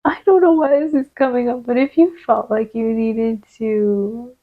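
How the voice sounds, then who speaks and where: A woman giving a channeled card reading, gentle and reassuring, sometimes dropping to a soft whisper as she places cards. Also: a little high, steady tone, unhurried, narrow, tinny audio. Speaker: tarot reader.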